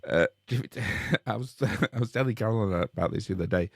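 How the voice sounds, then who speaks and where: Middle-aged man, husky mid-pitched voice, dry close sound, wry chuckling storyteller. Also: quick pace, no room sound. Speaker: podcast co-host. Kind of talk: casual chat.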